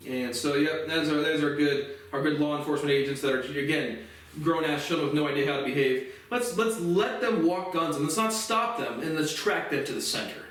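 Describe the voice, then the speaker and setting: A man hosts a solo commentary series, delivering a profane, aggrieved, casual rambling monologue full of restarts and repeated words. His voice is a little high, a little fast and a bit bright. He's off the mic at a distance in a very echoey room.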